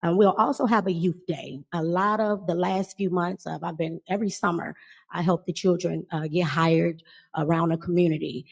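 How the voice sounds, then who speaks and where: A woman community organizer giving public meeting announcements with a steady delivery and many filler pauses. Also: lowish voice, vocal fry.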